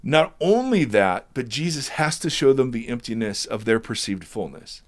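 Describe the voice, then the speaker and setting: Animated, emphatic man discussing scripture. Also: medium pitch, moderate pace. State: teary. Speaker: Bible teacher in discussion. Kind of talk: conversational Bible discussion.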